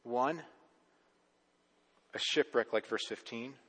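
A man's voice: mid-range voice, slow, fairly bright tone, husky, in a large hall. A male pastor giving a conversational sermon, often repeating and restarting his words.

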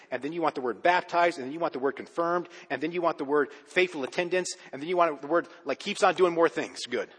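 A male pastor delivers a sermon in a church sanctuary, his voice a little husky. He punches key words loudly, then lets phrases sink low and soft. A long reverb trails behind every line. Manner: emphatic, swinging between loud urgent stresses and low quiet endings.

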